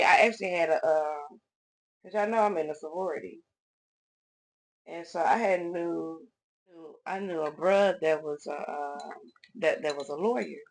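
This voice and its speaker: A woman vlogger chatting through a casual get-ready-with-me storytime at home, talking straight to her viewers as y'all and acting out the voices of people in her story. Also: fairly low pitch. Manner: acts out voices in retold conversations. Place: at home doing her makeup.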